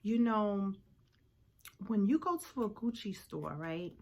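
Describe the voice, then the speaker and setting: A woman's voice: medium pitch, animated, takes it slowly, a little mellow. A woman in her forties giving a personal motivational talk to camera, earnest and reflective. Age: 40s. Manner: earnest, reflective, many fillers. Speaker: vlogger.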